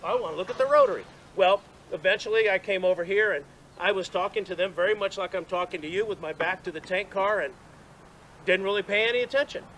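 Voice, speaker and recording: A man's voice: sits high, brisk, fairly bright tone, a little hiss or hum, poor audio. A man giving a rambling, self-deprecating story as a speech at an outdoor dedication, with restarts and laughs. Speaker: speaker at monument dedication. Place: outdoors at a gathering.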